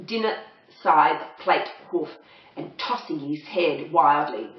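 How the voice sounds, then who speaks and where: A woman reading a children's story aloud, doing lively voices for the animals. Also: slow. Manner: lively character voices with big pitch jumps. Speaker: audiobook reader. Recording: roomy lo-fi home recording.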